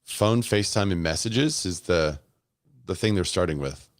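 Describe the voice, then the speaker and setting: A man with a deep, low voice gives easygoing live commentary, thinking aloud and answering viewers' comments. The sound is close and dry, with no room around it. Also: lively intonation, moderate pace, dry recording. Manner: casual, musing, chats with viewers in comments. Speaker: host. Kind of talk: live commentary on a keynote stream.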